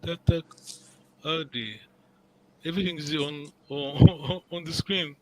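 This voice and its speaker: A man's voice: fairly high pitch, fairly even intonation, a little slow, a little mellow, a little hiss or hum, low-quality recording. A man teaching an online language class, patient and encouraging, repeating words and checking in with his students.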